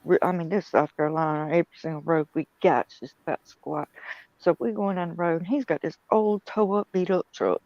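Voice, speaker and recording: A woman hosting a livestream, telling a story in a lively, laughing manner, on a dull lo-fi recording. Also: fairly low pitch, brisk, dry recording. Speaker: channel host. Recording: dull lo-fi sound.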